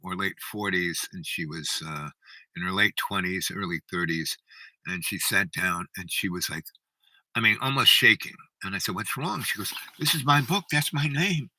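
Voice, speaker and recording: An older man with a low, pushed, bright voice hosts a livestream, telling his chat a long, rambling story and tacking "right?" onto his sentences again and again. The recording is rough but has no echo.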